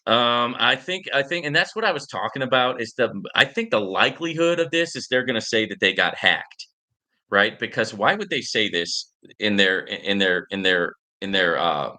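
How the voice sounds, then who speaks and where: A man's voice: lowish voice, lively intonation, normal speed, pushed and bright. A man hosting a casual livestream and answering viewer comments. He rambles and tags his points with "right?" and filler words. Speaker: livestream host.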